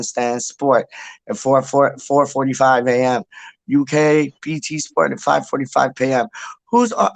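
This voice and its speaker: There's no room sound as a man with a creaky voice on the high side hosts a casual livestream. He reads viewer comments aloud, rambling, repeating himself and swearing offhandedly.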